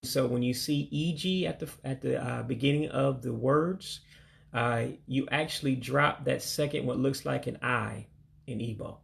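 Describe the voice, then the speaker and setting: Man, gravelly voice, casual language lesson, slow careful repetition of words. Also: mid-range voice, fairly even intonation. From United States. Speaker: language learner teaching vocabulary. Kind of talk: casual vocabulary lesson, livestream.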